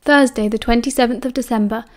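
A woman's voice: a little high, steady tone, quick pace, a little mellow. British woman reading an audiobook. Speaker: audiobook narrator. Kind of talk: audiobook reading with character voices.

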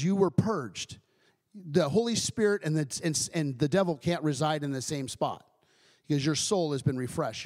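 A man giving his personal testimony in church as a guest speaker, telling it in an animated way, acting out quoted voices and often restarting his sentences. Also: a little high, big-room sound. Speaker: guest speaker, ministry director.

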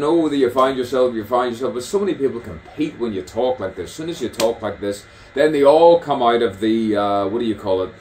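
Musing out loud outdoors, a male poet and artist wanders through a stream-of-consciousness monologue, circling back to the same phrases repeatedly. His medium-pitched voice is animated, brisk and a little mellow, with hardly any pauses, recorded from a distance amid faint outdoor ambience and slight background noise.

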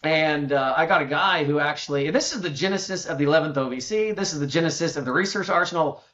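A man talks as a podcast guest in a casual, rambling flow full of restarts and asides. His voice sits a little high and gets livelier when he quotes other people. The recording sounds dull and lo-fi. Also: fast talker, fairly bright tone. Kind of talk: casual interview storytelling.

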